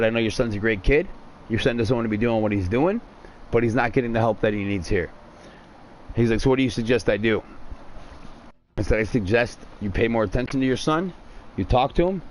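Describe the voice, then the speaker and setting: A man's voice: mid-range voice, slight background noise. A man telling a long personal story on a stream, blunt and full of swearing, quoting himself and others as he goes. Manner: profane, blunt, quotes himself often.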